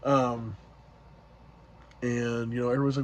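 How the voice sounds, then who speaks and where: A man's voice: mid-range voice, fairly even intonation, normal speed, highs cut off, a little hiss or hum. A man casually retelling an event as a vlogger, rambling along with many fillers and restarts. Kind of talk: casual storytelling recap.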